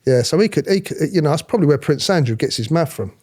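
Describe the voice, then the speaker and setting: Man, middle-aged, ex-police, blunt, animated storyteller, high-ish voice. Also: quick pace. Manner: blunt, animated, swears freely, mimics others. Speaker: former royal protection officer. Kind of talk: candid storytelling interview.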